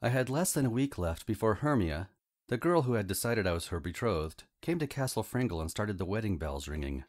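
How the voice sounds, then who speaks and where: A man narrates a comic fantasy story in the first person with a wry, humorous touch. His voice sits fairly low. His pitch moves in a lively way through the telling. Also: brisk. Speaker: audiobook narrator.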